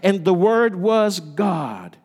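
A man preaching a sermon as pastor, dramatic, swinging between loud lines and hushed ones. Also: high-pitched, big pitch swings, slow, husky. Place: church sanctuary. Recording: long reverb of a church hall.

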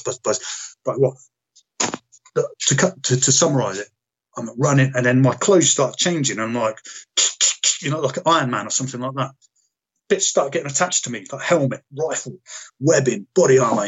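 A husky-voiced British man, a former soldier, recounts a personal experience in conversation. He talks in halting bursts, restarting sentences and swearing openly. His pitch sits in the ordinary middle range for a man. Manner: halting, restarts, frank and profane. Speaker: guest, military veteran.

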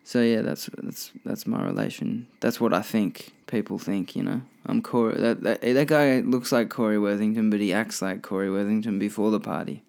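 A man's voice: fairly low pitch, steady tone, moderate pace, creaky, few pauses, darkish tone. A young man hosting a casual solo podcast, rambling and swearing freely with many restarts. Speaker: podcast host.

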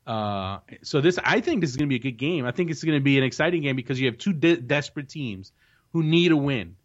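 A man's voice: medium pitch, animated, quick pace. A man hosting a soccer podcast, chatting casually and confidently giving match predictions, often restarting his sentences. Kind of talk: casual sports chat. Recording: dull lo-fi recording.

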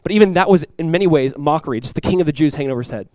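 A man preaching a sermon as pastor, emphatic, rising and swelling when he quotes scripture, with quick conversational asides. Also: on the high side, a little mellow, no echo.

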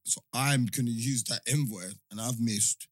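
A young man with a London accent, hosting a podcast and telling stories in animated, slang-heavy casual chat. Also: mid-range voice, moderate pace, no room sound. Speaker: podcast host.

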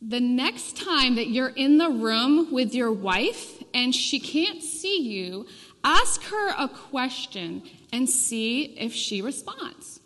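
A woman voicing a calm male doctor in a joke, giving slow, measured advice. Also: high voice, full character voice. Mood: advising. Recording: reverberant church hall.

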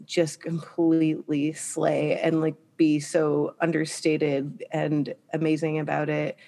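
A woman's voice: low-pitched, completely flat delivery, slow, gravelly, warm tone. A woman in casual podcast talk, thoughtful and searching for her words. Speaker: podcast guest poet and comic.

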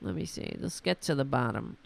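A woman's voice: low-pitched, sing-song, a little slow, creaky. A woman hosting a political commentary stream, losing her voice, talking back to clips in a mocking, exasperated way. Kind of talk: sarcastic livestream commentary.

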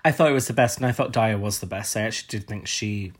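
A man's voice: lowish voice, fast. A man co-hosting a casual podcast chat, giving blunt, opinionated takes and swearing freely. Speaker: podcast co-host. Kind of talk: casual chat reviewing a TV show.

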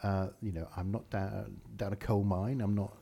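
Playful man, dark husky voice. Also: on the low side, level tone, normal speed. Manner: playful, breaks into silly accents. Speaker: podcast co-host. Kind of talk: casual chat.

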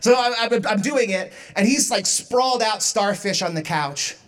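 A woman's voice: mid-range voice, expressive, normal speed. A young woman doing a stand-up comedy set, self-mocking and often laughing through her lines. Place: comedy stage.

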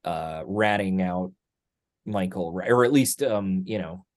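A man co-hosting a podcast in casual chat, talking in an animated, enthusiastic way and laughing often. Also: deep voice, unhurried. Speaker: podcast co-host.

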